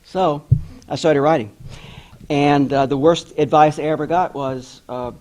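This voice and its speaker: A man's voice: fairly high pitch, fairly even intonation, a little slow, darkish tone, rough recording. A middle-aged man, an author, giving a candid, self-deprecating storytelling address and acting out the voices of people he quotes. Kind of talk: personal storytelling speech.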